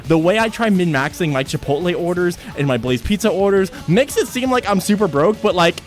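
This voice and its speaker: Excitable young man streaming, lively high voice. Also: a little fast, soft background music. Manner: excitable, swears freely, repeats himself. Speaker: livestreamer. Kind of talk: casual livestream chat. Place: home streaming setup.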